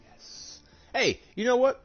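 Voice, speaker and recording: Animated, foul-mouthed young male streamer. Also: very high-pitched, slow pace, faint music behind. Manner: animated and profane, laughing, rising to loud excited rants. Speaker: gaming streamer. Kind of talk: casual chat while streaming. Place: at home. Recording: dull lo-fi stream audio.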